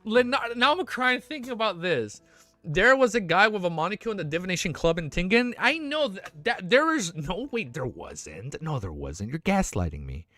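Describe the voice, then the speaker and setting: A young man streaming live and chatting casually with his viewers. He rambles excitedly, swears, laughs often and says he is overwhelmed and lightheaded. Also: high voice, no room sound. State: overexcited and lightheaded. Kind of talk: excited casual livestream chat.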